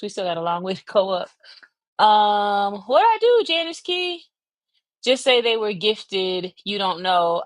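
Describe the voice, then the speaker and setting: Young woman streamer, chatty and laughing, a bit breathy, dry close sound. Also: mid-range voice, no room sound. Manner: chatty, laughs often, thinks aloud; slightly breathy from asthma. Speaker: livestream host. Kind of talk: casual livestream chat.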